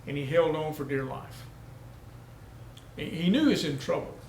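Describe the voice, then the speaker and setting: A man's voice: on the high side, lively intonation, normal speed, gravelly, a little mellow. A man, a pastor, telling a folksy story during a sermon. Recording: echoey room with faint noise.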